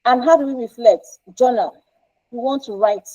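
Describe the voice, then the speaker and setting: Emphatic woman counsellor, mellow and lo-fi. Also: fairly high pitch, moderate pace. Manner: emphatic, repeats words and asks "right?" often. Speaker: counsellor and parenting coach. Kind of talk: informal teaching talk.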